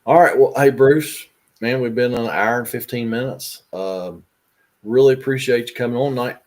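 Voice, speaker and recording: A man hosting a casual livestream chat over a call, relaxed and chatty, sharing his own repair stories. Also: medium pitch, moderate pace. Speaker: host.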